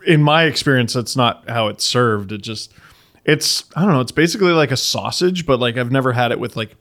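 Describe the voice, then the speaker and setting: A man in his thirties, co-hosting a casual podcast chat, telling animated stories. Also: medium pitch, brisk. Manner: animated storyteller, puts on voices in quotes. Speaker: podcast co-host.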